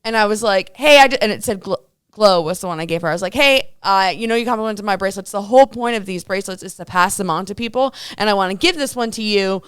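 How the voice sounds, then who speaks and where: A woman's voice: medium pitch, fast, clean tone, dry recording, clean studio sound. A young woman co-hosting a casual live stream from a hotel room, telling stories and acting out the dialogue as she goes. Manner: animated storyteller acting out quoted dialogue. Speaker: co-host.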